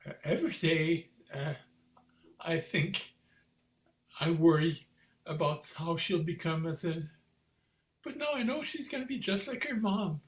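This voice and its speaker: A man performing an improvised comedy scene in a playful, animated way. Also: on the high side, measured pace, long pauses. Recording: echoey room.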